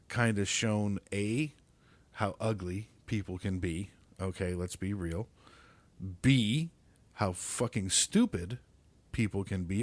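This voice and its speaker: A man's voice: fairly low pitch, dry recording. A man hosting his own podcast, talking alone in an exasperated, profane rant and repeating words as he gets heated. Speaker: podcast host.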